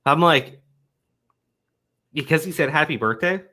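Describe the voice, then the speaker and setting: Hosting a casual commentary stream, this man has a fairly high, sharp voice that is expressive yet unhurried. He gets heated, swears frequently, and repeats words as he speaks.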